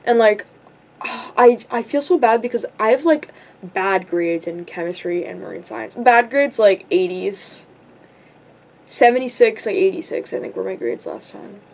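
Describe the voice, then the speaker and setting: A woman's voice: mid-range voice, sing-song, a little slow, gravelly, darkish tone. A teenage girl in a rambling vlog rant, frustrated and self-deprecating, swearing often and filling her talk with "like". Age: teens. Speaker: vlogger. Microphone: camera.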